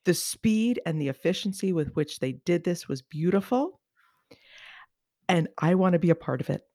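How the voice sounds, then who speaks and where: A podcast co-host chatting casually, wry and animated, exaggerating for comic effect. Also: medium pitch, normal speed, dry recording, studio quality. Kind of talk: casual chat.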